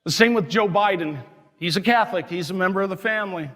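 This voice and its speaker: A male priest with a high voice preaches with fiery, indignant force. His words ring through a church with a long, lingering reverb. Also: quick pace, fairly bright tone. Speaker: diocesan priest. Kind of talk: sermon.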